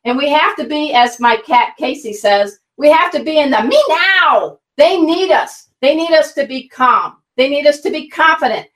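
A woman teaches pet first aid as an interview guest, vivid and instructive in a folksy, energetic way. Her voice sits high. The sound echoes around a room, and she sits somewhat back from the mic. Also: normal speed, few pauses, distant mic. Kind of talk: guest expert in an online interview. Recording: roomy, a bit off-mic.

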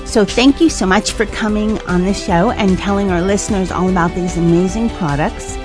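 A woman's voice: mid-range voice, music in the background. A woman with an English accent hosting a podcast interview, upbeat and encouraging with her guest. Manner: upbeat, encouraging, drawn-out phrasing. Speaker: podcast host.

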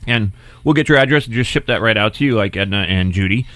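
Low-voiced man hosting a radio chat. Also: a bit bright, dry recording. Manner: loose and rambling, with filler words and quick asides. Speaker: radio talk show host. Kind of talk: casual on-air radio chat.

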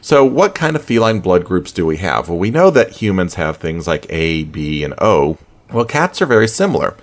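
A man hosting a pet radio show, chatting in a casual, animated way with chuckling asides. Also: low-pitched, moderate pace. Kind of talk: casual podcast talk.

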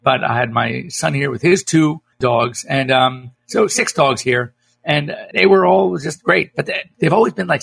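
A man's voice: on the high side, vocal fry, fairly bright tone. A middle-aged man, a veterinarian, hosting a casual radio talk show, rambling and chatty with frequent self-corrections.

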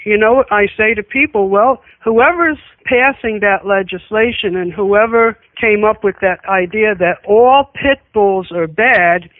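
A woman's voice: mid-range voice, measured pace, few pauses, no echo. A woman on a call-in radio show, coming through a thin, tinny telephone line. Her delivery is plain and matter-of-fact as she tells dog stories, and the sound is dry with no room around it. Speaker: call-in guest, dog trainer. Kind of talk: casual radio chat.

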